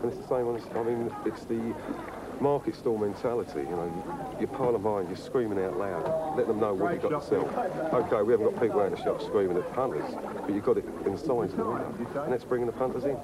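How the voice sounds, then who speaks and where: A man who used to work in the markets, talking casually in a salesman's rapid style, full of "I mean", outdoors. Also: on the low side, over a noisy crowd. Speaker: former market trader interviewed. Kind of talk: casual interview talk. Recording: loud outdoor noise.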